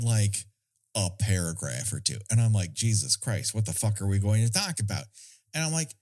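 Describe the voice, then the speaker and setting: A man's voice: mid-range voice, darkish tone. A man co-hosting a podcast, chatting casually about a film in a sardonic, profane, storytelling way. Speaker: podcast co-host.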